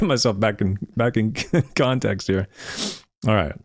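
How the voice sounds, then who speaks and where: Gravelly, emphatic man reviewing research. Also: fairly low pitch, unhurried, no room sound, studio quality. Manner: emphatic, insistent, prone to fits of giggling. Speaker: podcast host reviewing turf research. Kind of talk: reading and critiquing a paper aloud.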